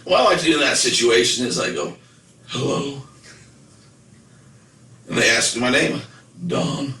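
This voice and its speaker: A man's voice: medium pitch, lively intonation, fast talker, sharp tone, reverberant, far from the mic, poor audio. A man co-hosting a podcast, chatting casually and telling joking, rambling stories. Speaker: podcast co-host. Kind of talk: casual chat.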